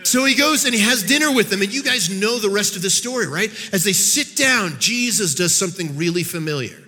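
A man with a high, bright voice gives a sermon as a guest speaker. He tells the story with energy, acts out the characters in quick voices and often stumbles over repeated words. The sound carries a long reverb from a large hall. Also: expressive, soft background music.

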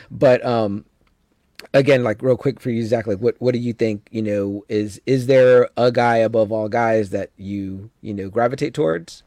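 A man hosting a podcast in a relaxed, casual way, reading viewer comments aloud between questions. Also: medium pitch, dry recording, clean studio sound. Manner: laid-back, reads viewer chat aloud, many fillers. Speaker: podcast host.

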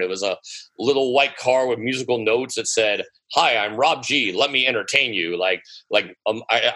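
American man, guest DJ, New sound, bright voice, animated storyteller who swears freely, casual interview telling. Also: fairly low pitch, low-quality recording. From United States. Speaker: guest DJ and producer.

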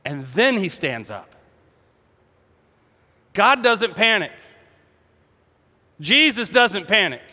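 A man preaching a sermon, telling a story with animated energy, acting out voices and laughing along. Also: high-pitched, slow pace, long pauses, in a large hall. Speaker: pastor.

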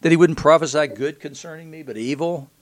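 A man reading the lines of a resentful, commanding king, forceful and irritated. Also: a little high, a little fast, no echo, voice pushed up, lightly acted.

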